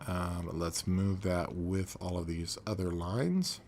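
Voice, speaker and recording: A man's voice: low-pitched, slow, darkish tone, a little hiss or hum. A man narrating a casual animation tutorial, thinking aloud as he works, with frequent ums and uhs.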